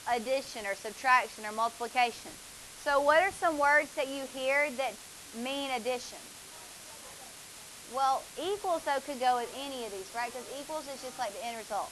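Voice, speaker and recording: High bright-voiced woman teaching math. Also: moderate pace, a little hiss or hum, rough recording. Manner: talks to students, asks questions and praises answers. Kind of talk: classroom teaching. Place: classroom.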